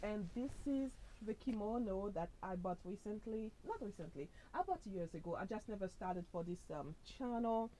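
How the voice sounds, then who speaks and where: A woman's voice: medium pitch, lively intonation, normal speed, hardly any pauses, slight background noise, poor audio. Upbeat woman in a chatty try-on vlog. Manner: chatty and upbeat, full of fillers and "sis"; speaks louder than her usual soft voice. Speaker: fashion vlogger. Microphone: camera mic, no lapel.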